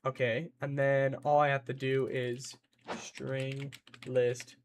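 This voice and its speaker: A young man streaming live, thinking out loud as he codes and answering his chat in a rambling, playful way. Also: medium pitch, level tone, takes it slowly, slight background noise.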